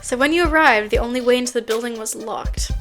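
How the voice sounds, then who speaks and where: Dry, clipped game judge read by a woman, high voice, stern questioning. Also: fast, fairly bright tone, faint music behind.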